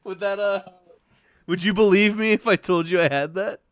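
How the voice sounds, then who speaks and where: A man hosting a casual online talk show, animated and laughing, swearing often as he reacts to clips with his guests. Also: sits high, normal speed, clear, resonant tone, no room sound. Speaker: podcast host. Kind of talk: casual chat.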